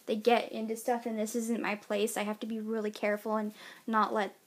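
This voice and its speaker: Woman pet vlogger, sounds like a kid, a bit high-pitched, rambles and scolds her pets. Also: completely flat delivery, a little fast. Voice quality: childlike-sounding voice. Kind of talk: casual pet vlog chat.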